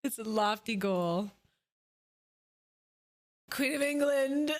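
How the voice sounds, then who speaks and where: A woman in her late twenties, a streamer chatting casually while reacting to old clips, laughing often, swearing freely and breaking into loud excited outbursts. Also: a little high, slow pace.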